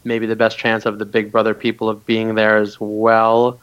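A man's voice: fairly low pitch, monotone, normal speed, fairly bright tone, clean tone, lo-fi sound. A man co-hosting a podcast, chatting casually and hesitantly with stumbling restarts. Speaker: podcast co-host. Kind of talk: casual chat about a reality show.

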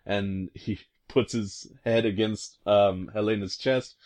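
A man's voice: fairly low pitch, fairly even intonation, takes it slowly, darkish tone. A man casually retelling a video game scene, rambling and hesitant, full of fillers and amused asides. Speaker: commentator recounting a video game.

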